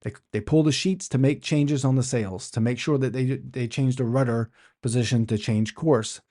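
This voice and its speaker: A man's voice: medium pitch, steady tone, moderate pace, mellow. A man hosting an instructional podcast, teaching in a conversational way, asking rhetorical questions and often restarting his phrases. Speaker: podcast host.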